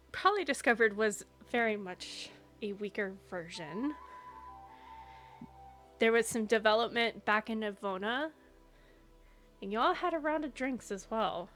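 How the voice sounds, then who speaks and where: A woman narrating as game master, setting scenes slowly and patiently for her players. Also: a little high, pushed and bright.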